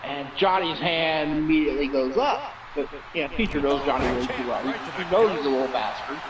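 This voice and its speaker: A man with a fairly high voice tells a long joke in a chatty, playful manner. He calls in over the internet, sounding distant from his mic, with a loud arena crowd running underneath. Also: expressive, brisk. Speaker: co-host telling a joke. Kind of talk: casual chat and joke telling. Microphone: remote internet call.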